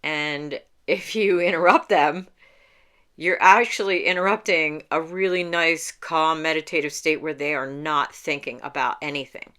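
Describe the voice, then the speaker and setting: A woman meditation coach giving a calm, unhurried spoken lesson, explaining each step plainly and laughing lightly now and then. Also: sits low, clean tone. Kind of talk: instructional talk to camera.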